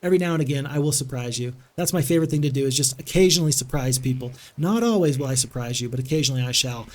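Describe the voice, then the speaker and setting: A man's voice: medium pitch, very fast, darkish tone. A man streaming a strategy game live, giving upbeat commentary as he thinks aloud and greets his chat.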